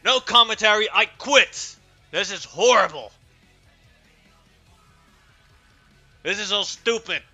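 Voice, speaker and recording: A furious Australian movie actor storms off set, shouting in outrage, as a game master puts him on. His voice rides high and loud, and it comes out bright and sharp, with faint music behind. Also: lively intonation, normal speed, heavily acted. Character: hot-tempered male movie actor quitting mid-scene.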